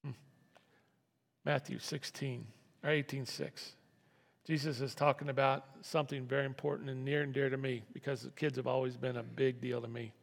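A man's voice: medium pitch, little pitch movement, moderate pace, gravelly. A man preaching a sermon as pastor, talking in a conversational way that repeats and restarts phrases. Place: church sanctuary. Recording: long reverb of a hall.

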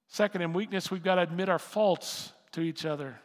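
A man preaching a sermon as pastor, impassioned and building to loud emphatic peaks. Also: high voice, a little fast, hardly any pauses. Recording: long hall reverb.

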